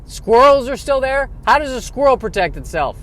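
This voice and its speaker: A man's voice: very animated, normal speed, full character voice, rough recording. A man voicing an indignant male rhinoceros who cannot understand why his kind is dying out. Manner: loud, high and outraged. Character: indignant male rhinoceros, baffled by its own extinction.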